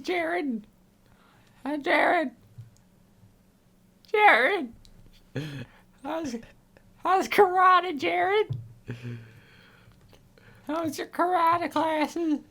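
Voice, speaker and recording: Brief: man as a dotty old grandma, high, slow, wandering, keeps mixing up names. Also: gravelly, pushed and bright, heavily acted. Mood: muddled. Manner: quavering, rambling, mixes up names. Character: confused forgetful old grandmother. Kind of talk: improvised comedy sketch.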